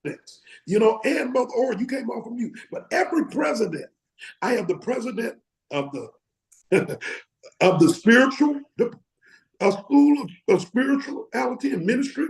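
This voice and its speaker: A man's voice: extremely high pitch, sing-song, normal speed, low-quality recording. A man preaching fervently to his academy's members over a video call, with frequent exclamations. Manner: fervent, exclaims and laughs often. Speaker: academy leader addressing members. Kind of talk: motivational preaching.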